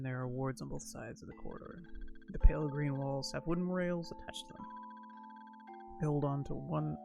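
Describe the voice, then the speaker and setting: A man reading a story game aloud on his stream, tripping over words and laughing now and then. His voice is heavily gravelly and sits a bit high. Soft music plays behind him.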